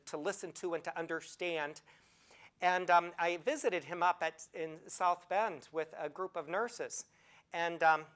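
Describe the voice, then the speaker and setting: Lively older woman giving a health talk. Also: on the low side. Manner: animated storyteller, asks the audience direct questions. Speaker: nursing professor and speaker. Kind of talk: health talk to a live audience.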